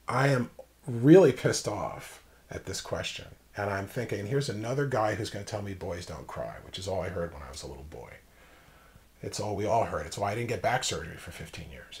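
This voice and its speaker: Low-voiced man telling a personal story. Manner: reflective, emphatic storytelling with pauses. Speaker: interview guest.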